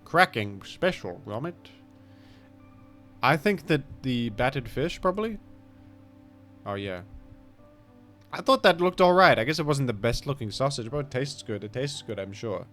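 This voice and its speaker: A man's voice: medium pitch, lively intonation, normal speed, a bit bright, faint music behind. Rambling Australian man mumbling asides. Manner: rambling, self-deprecating, trails off into mumbled asides. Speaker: gaming streamer. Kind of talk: casual rambling game commentary.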